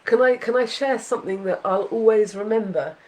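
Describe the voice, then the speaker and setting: A woman's voice: fairly high pitch, fairly quick, a little mellow, rough recording. A woman hosting a casual chat with her son, heartfelt and rambling, full of fillers and restarts. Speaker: podcast host, mother.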